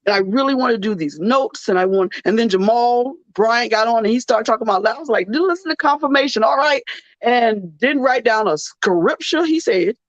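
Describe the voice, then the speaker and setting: A tired woman hosting a faith-based talk show, speaking emotionally and haltingly with many restarts, close to tears. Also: on the high side, no echo, dull audio. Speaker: radio show host.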